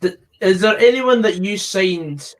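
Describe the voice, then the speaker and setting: A man's voice: sits high, lively intonation, a little slow. Man hosting a live stream. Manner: casual, reads out viewer questions. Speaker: stream host.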